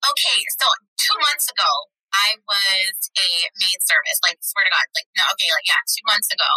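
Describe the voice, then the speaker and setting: Bright-voiced woman in earnest chat. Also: mid-range voice, expressive, brisk, no echo, rough recording. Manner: earnest, emotional, many fillers and restarts. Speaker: cleaning business owner and guest. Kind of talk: casual interview chat.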